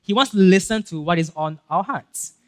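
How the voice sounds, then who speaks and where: With a high-pitched voice and an ordinary pace, a male Singaporean English-accented pastor preaches in a casual, energetic way. He plays out Bible scenes as he goes, leaning on fillers and repeatedly asking "right?" and "okay?".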